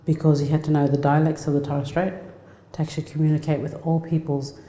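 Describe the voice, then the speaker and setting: Woman, 40s, guest speaker, heartfelt personal storytelling, dark mellow voice, echoey hall. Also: low-pitched, little pitch movement, fast. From Australia. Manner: heartfelt, conversational, with many restarts. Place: lecture hall. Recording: echoey lecture hall reverb.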